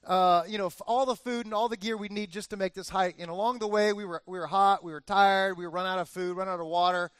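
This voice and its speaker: A man in his forties preaching a sermon as pastor, telling a lively family story and acting out the cheers. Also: high voice, no echo. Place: church.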